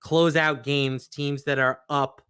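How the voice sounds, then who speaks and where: A man working as a sports betting analyst, walking through trends and numbers in casual, measured talk. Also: fairly high pitch, flat delivery, bright, forceful tone, clear, resonant tone, no room sound, clean studio sound. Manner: measured, stat-driven explanations.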